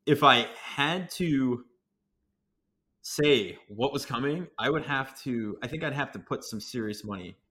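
A man's voice: mid-range voice, animated, measured pace, bright, forceful tone. A man co-hosting a casual sports podcast, playful and prone to stammering restarts. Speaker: podcast co-host.

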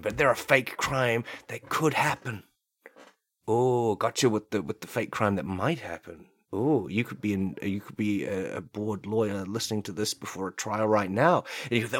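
A man's voice: lowish voice, a bit bright, dry recording, clean studio sound. A man hosting a solo comedy podcast, rambling and joking and cutting himself off mid-word. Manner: rambling, self-interrupting, jokey. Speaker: podcast host.

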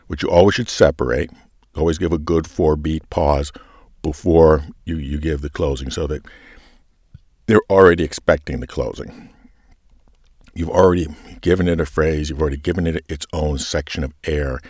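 Man, very deep voice, reading coach, measured explanations, dry recording. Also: darkish tone, dry recording. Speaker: lector coach. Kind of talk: reading instruction.

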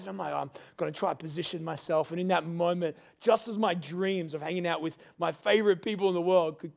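A man's voice: high voice, vocal fry, a little mellow. A male pastor, preaching a sermon in an earnest, conversational storytelling manner.

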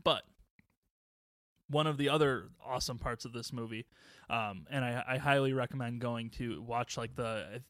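A man's voice: medium pitch, normal speed, fairly bright tone, dry recording, studio quality. Laughing, rambling man chatting about movies. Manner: rambling, chuckling, many restarts and fillers. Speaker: podcast co-host. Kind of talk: casual movie podcast chat.

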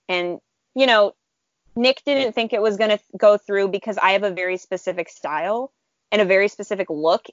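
Woman guest, fan artist, lively storyteller, muffled close mic. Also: lowish voice, no echo. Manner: animated, chatty, frequent laughs and fillers. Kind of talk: casual storytelling interview.

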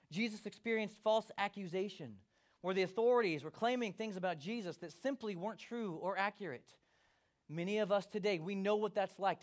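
A male pastor preaching a sermon, swinging from hushed to loud and acting out quotes. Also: sits high.

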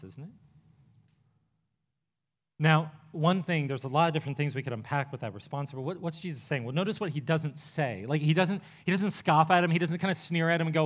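A male pastor preaching a sermon in an earnest, conversational way, rushing through some phrases and slowing on others. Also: on the high side. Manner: earnest, conversational preaching with quick bursts and pauses.

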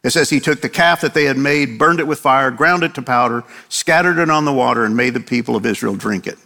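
A man's voice: medium pitch, brisk, gravelly, sharp tone, in a large hall. An older man preaching a sermon in a conversational way, acting out quotes from the text. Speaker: pastor.

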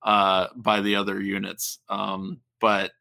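A man's voice: fairly low pitch, monotone, slow pace, gravelly, sharp tone, no echo, clean studio sound. A man from Ohio co-hosting a casual sports podcast. He rambles, repeats and corrects himself, and chuckles often. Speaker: podcast co-host.

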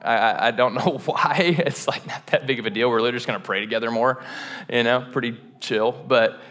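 A man's voice: mid-range voice, brisk. Casual, joking man preaching in a hall. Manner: relaxed, self-deprecating, chatty with frequent fillers and restarts. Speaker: pastor. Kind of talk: casual sermon. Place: church auditorium.

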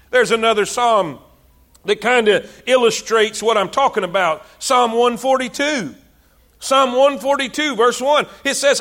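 Male preacher, sermon, very high pitch, bright forceful tone, repetitive fervent exhortation. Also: unhurried.

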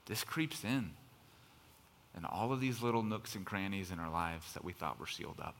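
Bright-voiced, impassioned male preacher. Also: low voice, lively intonation, moderate pace, a little hiss or hum. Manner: impassioned, building to emphatic outbursts; conversational preaching with fillers like "kind of". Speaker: pastor. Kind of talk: sermon.

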